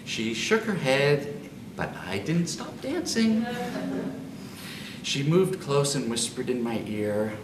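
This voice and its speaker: Man, live fiction reading, deadpan, very slow, echoey room, audience noise. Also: medium pitch, far from the mic. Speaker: reader.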